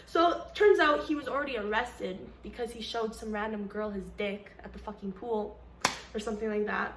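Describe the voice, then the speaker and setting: A young woman vlogger telling a story in a casual, animated, slangy way, acting out what people said in her own voice. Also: mid-range voice, moderate pace, slight background noise. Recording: echoey room, faint ambience.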